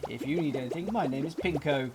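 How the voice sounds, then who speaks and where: A man's voice: fairly high pitch, fast, over music, close to an everyday voice. A man putting on an eager young lodge host. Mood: chirpy welcoming. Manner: overly polite hotelier patter, read with stumbles. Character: eager young lava-lodge host with an odd put-on accent. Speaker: game character read aloud.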